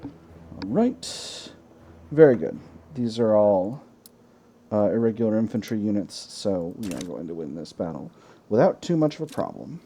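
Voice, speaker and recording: A man hosting a let's play, thinking aloud in a relaxed way as he plays a strategy game. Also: lowish voice, moderate pace, a little hiss or hum. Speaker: gaming channel host.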